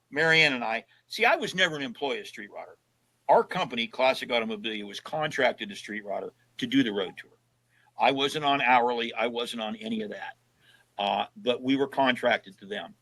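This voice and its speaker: A man's voice: mid-range voice, rough recording. A man in his seventies telling road trip stories in a casual chat, acting out the voices of people he quotes. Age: 70s. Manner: animated storyteller who acts out quoted dialogue. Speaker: podcast guest. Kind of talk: casual storytelling.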